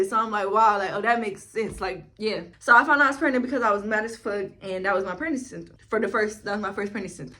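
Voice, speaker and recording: Young woman, rapid chatty storytime, slangy and cursing, bright edge. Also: on the high side. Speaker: vlogger. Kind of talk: casual storytime vlog. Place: home, in front of a ring light.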